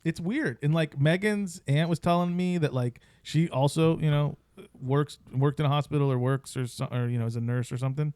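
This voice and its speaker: A man's voice: on the high side, a little fast, a little mellow, no room sound, studio quality. A young man co-hosting a podcast, telling a long story in rambling casual chat. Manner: rambling storyteller, acts out his toddler. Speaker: podcast co-host.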